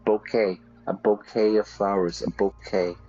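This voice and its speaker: A man's voice: lowish voice, flat delivery, a little slow, dark tone, highs cut off. A man teaching English while streaming a game, chatty, explaining with examples and checking in with "yeah?".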